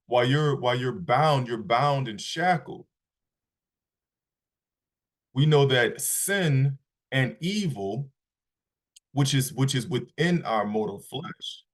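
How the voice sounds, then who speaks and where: A man giving a Shabbat Bible lesson, reading scripture aloud and often restarting his sentences. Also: mid-range voice. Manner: halting, repeats words, reads scripture aloud slowly. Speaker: Bible teacher.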